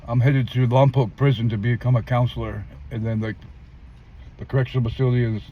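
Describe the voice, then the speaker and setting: Fairly quick and steady in tone, this older Californian tells his personal story forcefully to a street interviewer, often jumping high as he acts out quoted voices. The recording is lo-fi and dull with faint traffic.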